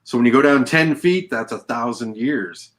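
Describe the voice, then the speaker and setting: A man from British Columbia speaks as a guest in a podcast interview. He explains calmly at a middling pitch and repeats a word now and then as he goes. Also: moderate pace. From British Columbia, Canada.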